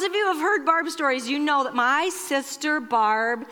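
A woman from Iowa speaking to a women's church gathering, telling stories and praying in a lively, chatty way. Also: high-pitched, normal speed, hardly any pauses. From Iowa, USA. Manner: lively, chatty, addresses the audience directly. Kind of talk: storytelling talk and prayer to an audience. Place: large church hall. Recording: long reverb in a large hall.

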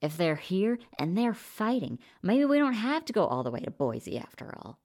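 A man's voice: high voice, huge pitch swings, normal speed, a little mellow, voice pushed up, heavily acted. A woman voicing a swaggering right-wing prepper man who talks crudely and rallies his friends in a storybook reading. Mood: scheming. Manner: crude, fired-up rallying talk.

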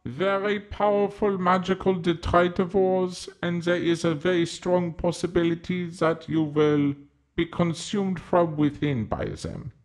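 A woman's voice: fairly low pitch, steady tone, a little slow, a little mellow, natural voice. A woman voicing a fierce, protective forest spirit who mothers a brood of talking mushrooms, speaking in a solemn, threatening way.

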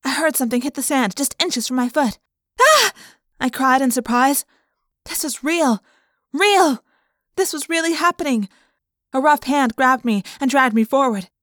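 Female audiobook narrator, lively first-person read, dry studio sound. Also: high voice, a little fast, dry recording.

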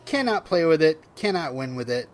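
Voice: medium pitch, sing-song, a little fast. A podcast host chatting casually and reading out a listener email, with many fillers and frequent laughs.

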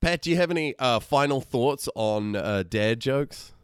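A man's voice: mid-range voice, lively intonation, unhurried, clear, resonant tone. A young man, co-hosting a podcast in a playful, easily amused way. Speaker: podcast co-host. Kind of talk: casual podcast chat. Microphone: remote internet recording.

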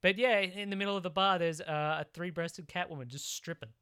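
A man's voice: sits high, a little fast, fairly bright tone, clean tone. A man co-hosting a casual chat, recapping a film plot with sarcastic asides. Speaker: podcast co-host.

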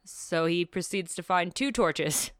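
Animated profane woman recapping a movie. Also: lowish voice, unhurried, clear, resonant tone, dry recording, clean studio sound. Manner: animated, profane, acts out quotes with laughter. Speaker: podcast co-host. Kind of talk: casual movie recap chat.

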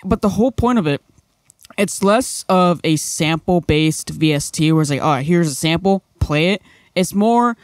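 A man's voice: a little high, no echo, clean studio sound. A young man co-hosting a casual podcast, rambling with lots of fillers into a microphone. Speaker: podcast co-host. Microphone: studio microphone.

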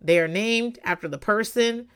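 A woman's voice: mid-range voice, moderate pace, smooth. A woman hosting a podcast, giving casual, profane true-crime commentary full of laughing asides. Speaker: podcast host.

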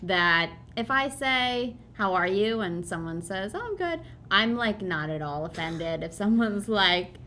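A woman's voice: mid-range voice, a little slow, hardly any pauses, pushed and bright, slight background noise. A woman co-hosting a podcast in casual chat, with wry, dry humor. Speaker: podcast co-host.

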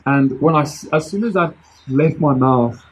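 A man casually telling a personal story to his viewers, earnest and excited, rambling with many restarts. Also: a little high, moderate pace, breathy edge, low-quality recording. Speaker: vlogger sharing a testimony.

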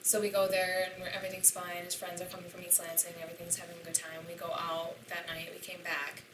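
A woman's voice: lowish voice, completely flat delivery, fast, noisy background. A young woman candidly recounting a painful personal story as a podcast guest, her speech full of "like". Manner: candid and emotional, filled with "like". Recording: roomy and distant from the mic.

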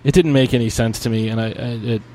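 A man's voice: mid-range voice, steady tone, quick pace, warm tone, slight background noise. A man co-hosting a podcast, telling a story in a rambling, casual way, with many restarts and fillers. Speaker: podcast co-host.

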